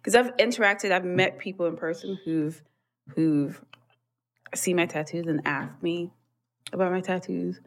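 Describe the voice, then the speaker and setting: A woman's voice: fairly low pitch, unhurried. A young woman from Canada co-hosting a podcast in casual chat, telling stories animatedly, ranting and acting out the lines of others. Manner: animated ranting storyteller who acts out quoted exchanges. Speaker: podcast co-host.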